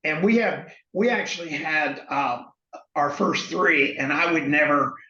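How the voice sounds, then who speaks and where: A middle-aged man, a guest on a talk show, telling lively family anecdotes and acting out the voices in them. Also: fairly high pitch, measured pace. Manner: animated anecdote teller, acts out quoted voices. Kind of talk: storytelling in conversation. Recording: echoey, slightly dull sound.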